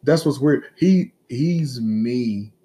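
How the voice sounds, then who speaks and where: A man in his thirties co-hosting a casual podcast chat, telling animated, teasing stories about his kids with plenty of profanity. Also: medium pitch, slow. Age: 30s. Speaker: podcast co-host.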